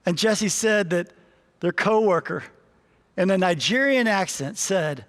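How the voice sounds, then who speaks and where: High-voiced male pastor preaching in a hall. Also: unhurried. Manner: storytelling, shifts from lively anecdote to earnest preaching. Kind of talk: sermon. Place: church sanctuary.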